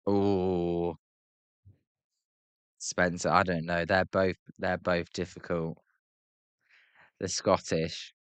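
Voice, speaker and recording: A man's voice: low-pitched, flat delivery, extremely slow, long pauses, clear, resonant tone, no room sound. A British man hosting a live baseball reaction stream, mixing casual play-by-play with chatty, rambling talk full of fillers and restarts.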